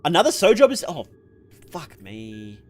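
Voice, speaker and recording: A man streams a game live, his slightly high voice swinging hugely in pitch at a somewhat slow pace. He swears freely and reacts loudly when he dies in-game, rambling through chat questions with many fillers.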